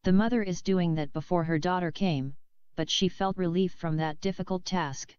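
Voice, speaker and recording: A woman reading a novel aloud in a measured, steady way, close to the mic, on a slightly dull lo-fi recording. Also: lowish voice, smooth, dry recording. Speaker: audiobook reader.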